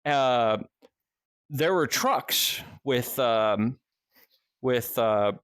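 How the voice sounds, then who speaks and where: A man spins a rambling story in a casual podcast conversation, peppering nearly every sentence with swearing and restarting his thoughts. His voice sits in a middle pitch, and the recording is dry and close with no room sound. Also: lively intonation, drawn-out words, a bit bright, smooth, no echo. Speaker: podcast guest or host.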